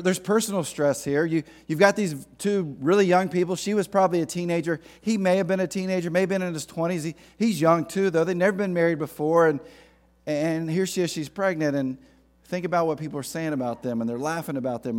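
A man preaching in a relaxed, conversational way, with a slightly raised pitch. He tells stories and slips in jokes. The delivery has the casual feel of a pastor talking to his congregation. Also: fairly quick. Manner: conversational, joking, storytelling. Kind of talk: sermon.

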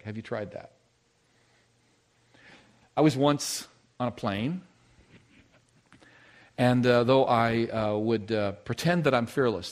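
Delivering a sermon, this male pastor shares a personal story in a medium-pitched voice. His delivery swings from loud, emphatic passages to quiet, intimate ones.

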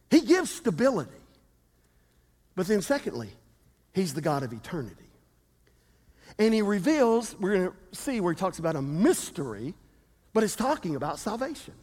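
A man with a strikingly high voice preaches a sermon from the pulpit. He hammers his points through repetition and leads the congregation in call-and-response. His voice carries a long reverb through a large church sanctuary. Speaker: pastor. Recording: reverberant hall.

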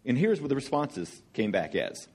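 A man's voice: medium pitch, huge pitch swings, normal speed, a little mellow, husky. A man with a Southern accent from Georgia, preaching as a guest speaker in a chatty, joking, storytelling way. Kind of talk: sermon with jokes.

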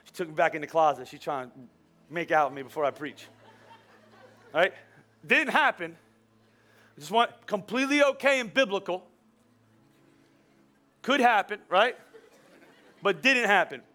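High, bright animated pastor preaching. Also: male voice, moderate pace, long pauses. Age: 40s. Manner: animated, storytelling with playful humor. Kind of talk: sermon. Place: church. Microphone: wearing a microphone.

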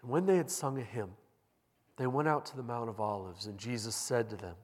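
A man preaching a sermon as pastor, speaking in a measured, deliberate way and reading scripture aloud in a church sanctuary. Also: mid-range voice. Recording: long reverb in a large hall.

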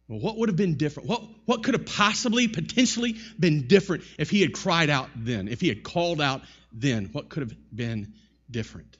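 A man preaching a sermon in an animated style, his voice rising and falling sharply. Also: on the high side, a little fast, slightly rough, muffled recording. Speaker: pastor.

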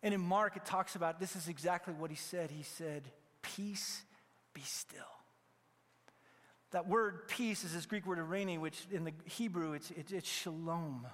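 A male pastor preaching a sermon, swinging between loud emphatic peaks and hushed, near-whispered lines. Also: on the high side, moderate pace, few pauses, in a large hall.

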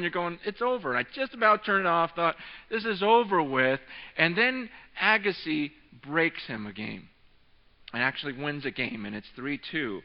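A man in his thirties preaching a sermon, telling a story with excitement, often repeating and restarting his words. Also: high voice. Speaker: pastor. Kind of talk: sermon with an animated storytelling aside. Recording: echoing hall, dull lo-fi sound.

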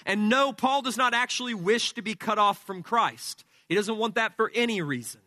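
Emphatic, bright-voiced male preacher. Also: high voice, animated, normal speed, no echo. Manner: emphatic, methodical teaching with numbered points. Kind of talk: expository sermon.

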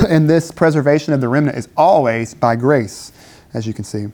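A man's voice: a little high, animated, normal speed, darkish tone. A man preaching a conversational sermon at a campus dinner gathering, asking rhetorical questions and briefly acting out biblical speakers.

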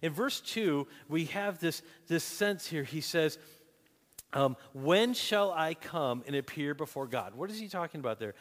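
A man's voice: on the high side, lively intonation, a little slow, a bit bright, big-room sound. A man preaching a sermon as pastor, earnest and emphatic, often restarting his sentences.

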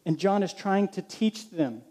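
A man's voice: high voice, lively intonation, a little slow, mellow. A male pastor preaching a sermon, reading scripture aloud and putting questions to his congregation.

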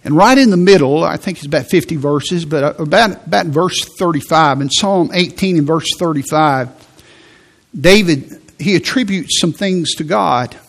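A man preaching a sermon in a conversational way, repeating words and slowing down for emphasis. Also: a little high, gravelly. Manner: conversational preaching with repetitions and slow emphatic phrases. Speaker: pastor.

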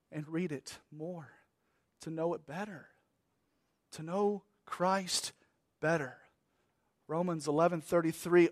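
A man preaching a sermon as pastor, emphatic, swinging from loud declarations to hushed lines. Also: sits high, no room sound, clean studio sound.

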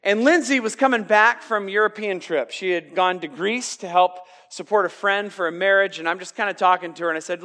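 A man's voice: sits high, a little fast, hardly any pauses, bright, forceful tone. A man preaching a sermon as pastor, conversational and emphatic, with joking asides.

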